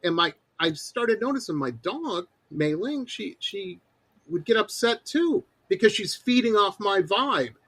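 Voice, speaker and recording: Animated, husky middle-aged male host. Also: high voice, measured pace, low-quality recording. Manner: animated storyteller, acts out his own rants. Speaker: radio show host. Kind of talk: casual interview chat.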